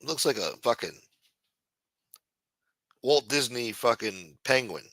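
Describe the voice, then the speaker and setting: A man's voice: medium pitch, lively intonation, takes it slowly, fairly bright tone, husky, dry recording. A man hosting a livestream, talking crudely and mockingly while reacting to his chat and thanking supporters. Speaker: livestream host. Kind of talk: profane casual commentary.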